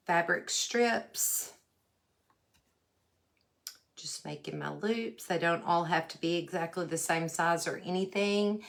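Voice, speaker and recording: A woman with a lowish voice and a Texan accent hosts a casual craft livestream. Chatty and folksy, she warmly greets viewers by name while she works.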